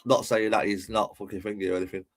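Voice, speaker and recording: A man's voice: on the low side, steady tone, fast talker. Chatty English man hosting a livestream. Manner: chatty, swears freely, shouts out viewers. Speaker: livestream host. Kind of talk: casual livestream chat reading comments.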